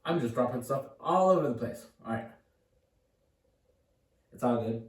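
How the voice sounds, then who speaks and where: A man with a mid-range, animated voice speaks at a normal speed, giving a casual, upbeat math lesson at a board as a tutor. He thinks aloud and encourages the viewer. The mic sits at a distance in an echoey room, with slight background noise.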